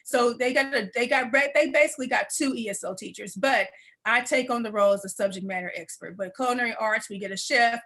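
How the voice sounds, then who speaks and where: A woman presenting an adult education program on a video call, teary and warm as she repeats phrases and laughs. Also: a little high, quick pace, rough recording. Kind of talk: webinar presentation.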